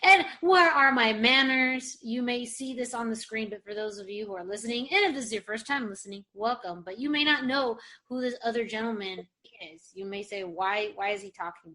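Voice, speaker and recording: A woman's voice: a little high, pushed and bright. A woman co-hosting a casual podcast, chatty and rambling, laughing often, recorded over a video call. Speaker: podcast co-host. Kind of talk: casual chat. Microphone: webcam video call.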